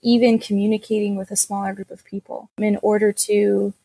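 A woman therapist speaking as an interview guest, halting, with frequent pauses. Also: medium pitch, flat delivery, vocal fry, warm tone, slightly rough, no room sound. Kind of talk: casual interview conversation.

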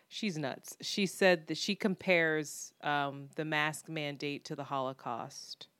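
A woman co-hosting a casual podcast, blunt and profane, acting out other people's lines as she goes. Her voice is smooth and clear, set a little low. The recording is close and dry, with no room sound. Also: slow pace, dry recording. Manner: blunt, profane, animated storytelling with quoted voices. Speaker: podcast co-host. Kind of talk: casual chat.

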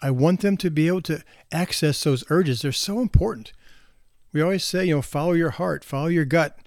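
This is casual storytelling from a man in his sixties, a doctor, sharing anecdotes on marriage and raising kids with occasional chuckles, laughter and restarts. He speaks briskly in a darkish voice on the high side. The recording is studio quality and dry.

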